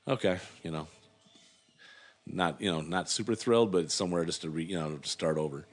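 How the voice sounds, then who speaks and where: Deep-voiced man telling a rambling story. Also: normal speed. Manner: rambling, many fillers, acts out quotes. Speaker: guest brewer. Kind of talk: casual storytelling interview.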